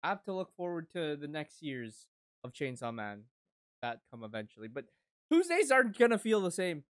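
A woman reacting to an anime episode, excitable and foul-mouthed, breaking into loud outbursts and calling everyone "bro". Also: deep voice, moderate pace. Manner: excitable, swears a lot, sudden loud outbursts; casual slangy talk, says "bro" a lot. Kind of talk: live reaction commentary.

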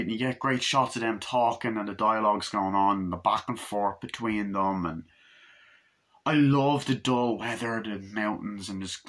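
A man giving a casual, rambling film review. He swears freely and often acts out scenes in quick, higher voices. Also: fairly bright tone.

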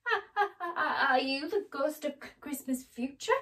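A woman voicing a frightened old miser who pleads in high, loud, stammering cries. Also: sing-song, unhurried, distant mic, heavily acted. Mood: frightened pleading. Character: frightened, then joyful old miser Scrooge. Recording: voice a little off-mic.

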